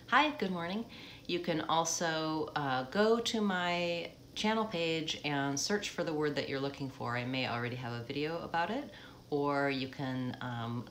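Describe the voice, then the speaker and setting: A woman teaching a live online class in a clear, measured way. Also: low-pitched, a bit bright, a little hiss or hum. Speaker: accent coach.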